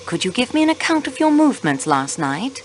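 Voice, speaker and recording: An actress playing a young railway clerk turned investigator in a mystery video game, polite but insistent in questioning. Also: female voice, on the high side, big pitch swings, fairly quick, slight background noise, rough recording. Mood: poised, probing. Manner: poised, probing, politely insistent.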